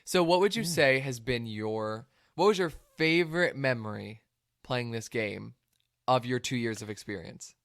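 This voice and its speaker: Man podcast host, casual and curious, middle pitch, dry close sound. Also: a bit bright, no room sound. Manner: curious, asks quick follow-up questions.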